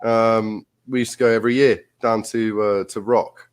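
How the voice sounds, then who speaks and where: A man's voice: on the low side, steady tone, normal speed, smooth. A man with an upper-class English accent, a guest speaking over a video call in blunt, opinionated casual chat.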